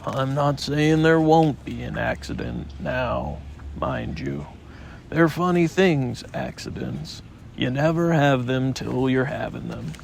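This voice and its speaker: A man voicing a gloomy old male donkey who talks in a slow, dry, mournful way. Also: medium pitch, animated, gravelly, a little mellow, a little hiss or hum.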